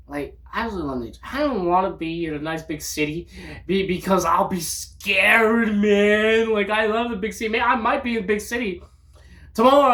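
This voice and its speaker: A woman vlogging in an upbeat, rambling monologue, breaking into loud outbursts when she acts out quotes. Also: high voice.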